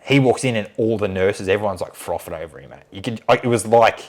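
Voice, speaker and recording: A man in his late thirties, a podcast guest telling a story in casual chat, animated and swearing freely. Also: lowish voice, quick pace. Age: late 30s. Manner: animated, swears freely, acts out others' lines.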